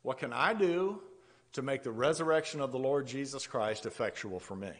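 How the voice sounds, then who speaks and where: A man preaching a sermon with a halting delivery, repeating words as he goes and laughing softly between points. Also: mid-range voice. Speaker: pastor. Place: church sanctuary. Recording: long church-hall reverb.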